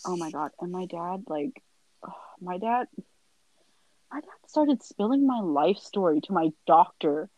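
A young woman, a podcast guest, chatting casually and telling animated stories, acting out her family's lines. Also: lowish voice, unhurried, dry recording, lo-fi sound. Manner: animated storyteller, acts out family quotes, sighs and laughs often.

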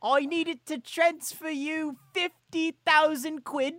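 A woman putting on a slow, exaggerated voice as a pompous British official. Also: high voice, fairly even intonation, fairly bright tone, dry recording, voice pushed up. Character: mock pompous British official, adult man.

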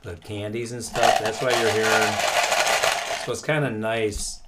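A man on a casual candy-tasting panel, relaxed and joking, steering the talk. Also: fairly low pitch, measured pace. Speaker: candy taste-test panelist. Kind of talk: casual chat. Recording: loud background noise.

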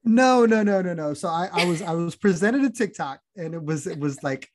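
A woman's voice: fairly low pitch, lively intonation, moderate pace, darkish tone. A woman co-hosting a casual podcast chat, emphatic and teasing with firm opinions. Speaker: podcast co-host.

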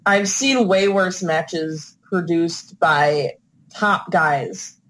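A woman's voice: fairly low pitch, drawn-out words, fairly bright tone, slight background noise, rough recording. A woman co-hosting a casual chat, dropping dry, teasing remarks. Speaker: co-host.

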